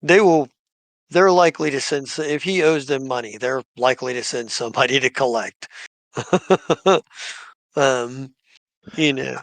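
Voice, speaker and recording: A man narrating as game master in a live tabletop game, halting, with many "uh" and "like" fillers. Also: medium pitch, fairly bright tone, dry recording. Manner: halting, full of "uh" and "like".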